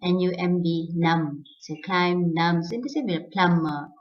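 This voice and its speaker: A middle-aged woman teacher, a native Tibetan speaker, giving a careful pronunciation lesson and repeating each word for practice. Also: lowish voice. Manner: slow, careful, repeats words for drill. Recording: distant, dull lo-fi sound.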